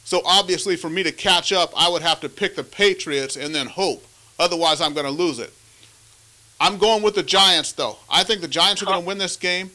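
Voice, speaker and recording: Male sports host, high and bright, emphatic analysis chat. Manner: emphatic, leads the questions.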